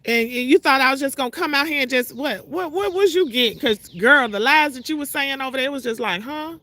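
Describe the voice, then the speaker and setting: A woman's voice: sits high, fairly quick, pushed and bright, dry recording. Brash, profane woman ranting. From Mississippi. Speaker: vlogger. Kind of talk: ranting call-out vlog to viewers. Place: outdoors outside her trailer.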